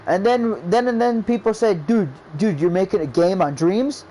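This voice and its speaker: A man's voice: high voice, animated, moderate pace, warm tone, low-quality recording. A man casually telling a rambling story about making his game, quoting his friends' reactions over and over. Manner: rambling, repeats "I was like" and quotes friends. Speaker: game creator.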